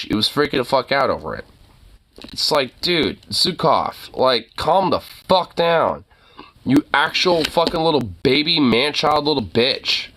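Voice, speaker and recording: A man's voice: mid-range voice, bright, forceful tone. A man ranting casually late at night, swearing often and rambling with lots of fillers. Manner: profane, rambling, filler-heavy; scolding his dog, exasperated. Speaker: vlogger.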